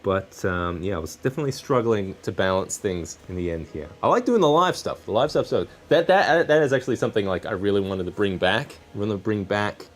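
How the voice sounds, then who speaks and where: With a fairly low, expressive voice, a man streams himself crafting and talks briskly, barely pausing. His casual talk wanders and he keeps correcting himself, while faint background music plays.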